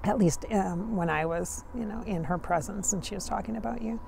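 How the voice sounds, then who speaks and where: A woman's voice: medium pitch, a little fast, creaky, darkish tone, slight background noise. A woman from Minnesota, channeling in a chatty way with dry sarcastic humor, recorded outdoors at sunrise. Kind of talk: casual spiritual channeling talk.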